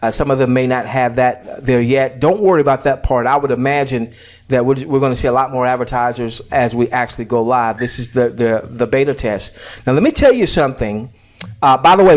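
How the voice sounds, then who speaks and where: A man's voice: medium pitch, fairly quick. Middle-aged man, chatty, lots of fillers, slight cough, desk mic, screen-share walkthrough. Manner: chatty, many fillers and repeats. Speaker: online business promoter.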